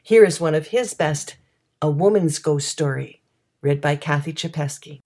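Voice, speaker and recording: A woman presenting a readers' theatre show, calmly announcing each story and its reader. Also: deep voice, normal speed. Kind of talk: scripted introduction.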